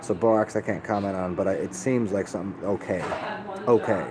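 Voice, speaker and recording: Rambling live-streamer, male, low-pitched, loose and profane, chatter in the background. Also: brisk, poor audio. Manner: rambling, profane, laid-back, restarts often. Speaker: livestreamer answering chat.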